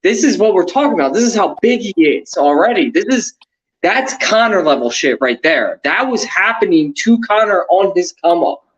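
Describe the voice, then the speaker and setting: A man's voice: high-pitched, very animated, normal speed, dull audio. A man talking casually and animatedly as a panelist on a sports show, rambling with restarts. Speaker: podcast panelist.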